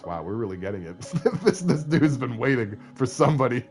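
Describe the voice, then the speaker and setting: A man's voice: lowish voice, big pitch swings, moderate pace, a little mellow, faint music behind. A man streaming a video game, rambling and joking to his viewers as he plays. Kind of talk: casual gaming commentary.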